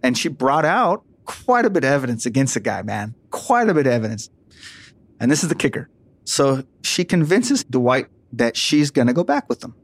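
Animated storytelling man, dry close sound. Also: medium pitch, normal speed, no echo. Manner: animated, acts out voices in his story. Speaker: former police detective recounting a case. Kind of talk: casual storytelling on a podcast.

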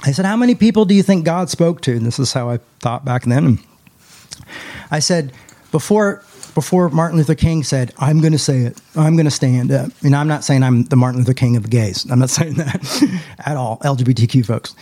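A young adult man telling a personal story in a casual podcast chat, with his voice jumping up high when he quotes others. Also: a little fast. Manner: animated, rises high when quoting others. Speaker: podcast co-host.

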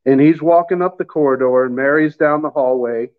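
A middle-aged man tells a personal story in an unhurried, halting way. He repeats words and sounds close to tears. The sound is thin and tinny, like a phone line. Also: a little high. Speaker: guest telling his faith story. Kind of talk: casual storytelling.

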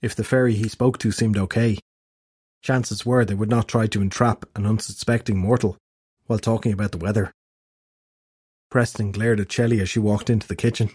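Husky low-voiced male narrator. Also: fairly even intonation, a little fast, darkish tone, no echo, clean studio sound. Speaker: audiobook narrator. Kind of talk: scripted fantasy narration.

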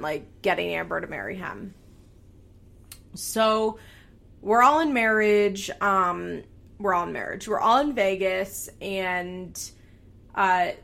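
A woman's voice: mid-range voice, gravelly. Chatty young woman gossiping, full of likes. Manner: animated, swears freely, heavy use of like. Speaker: commentator recapping a reality show. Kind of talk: casual chatty recap.

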